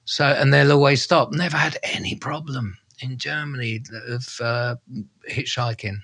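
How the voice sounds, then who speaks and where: A man, a travel presenter telling a story in casual, slangy, animated style. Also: medium pitch, measured pace, vocal fry. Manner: animated, slangy, acts out voices and sounds. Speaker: travel presenter and podcast co-host.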